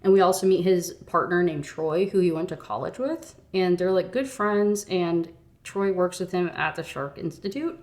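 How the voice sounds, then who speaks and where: A woman's voice: fairly low pitch, normal speed, darkish tone. A young woman retelling a novel in a casual rant review, chatty, swearing, and full of "like". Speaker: book reviewer.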